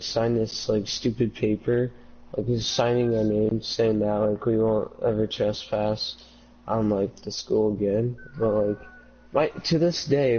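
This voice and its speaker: A man's voice: dark tone, breathy edge. A young man telling a story in a casual chat among friends, filling every phrase with "like". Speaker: podcast co-host. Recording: dull low-fi home recording.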